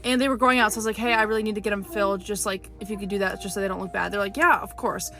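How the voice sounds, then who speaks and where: Indignant woman with a bright voice. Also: medium pitch, racing, faint music behind. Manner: indignant, animated, talks to viewers directly. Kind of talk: animated storytime monologue.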